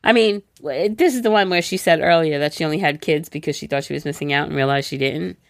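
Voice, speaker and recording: Young woman, casual chat, indignant, lowish voice, fry. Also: fast talker, dry recording, studio quality. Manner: indignant, reacts with short agreements. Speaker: podcast co-host.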